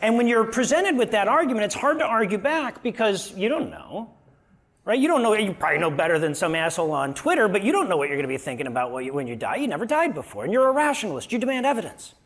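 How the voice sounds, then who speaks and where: A man's voice: high-pitched, big pitch swings, fast, a bit bright. A man giving a joking, self-deprecating stand-up style talk from a live stage as a guest speaker. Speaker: guest speaker, activist and podcaster. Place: live stage before an audience.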